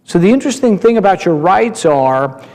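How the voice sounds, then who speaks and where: A man with a fairly high voice gives a long senate floor speech. He lays out his point in a measured, explanatory way, stopping to restart phrases now and then. His words ring through the long reverb of a large legislative chamber. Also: expressive, darkish tone.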